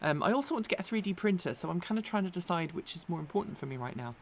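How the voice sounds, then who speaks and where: A woman's voice: fairly low pitch, animated, very fast. A chatty English woman hosts a casual live stream, rambling with plenty of ums and easy laughter. Her accent now and then slips toward American. The sound is a little dull, with faint noise in the background. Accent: English, with occasional American slips. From England. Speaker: host of an electric vehicle news live stream. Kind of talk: casual live-stream chat, reading viewer comments.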